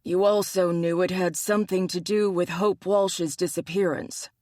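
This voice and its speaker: A man's voice: high-pitched, steady tone, moderate pace, darkish tone, no echo, natural voice. An audiobook narrator voicing a wry, teasing male bear-shifter hunter with a dry, needling manner, in a dry recording. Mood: insistent.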